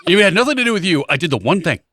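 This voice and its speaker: A man's voice: high-pitched, sing-song, very fast, background noise. A man co-hosting a comedy podcast, trading wry jokes in casual chat. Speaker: podcast co-host.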